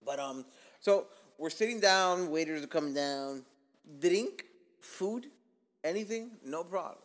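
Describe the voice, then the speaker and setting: A young man, hosting a casual podcast and telling a profane, animated story, acting out his own lines with whispers and yelps. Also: fairly high pitch, unhurried. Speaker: podcast host.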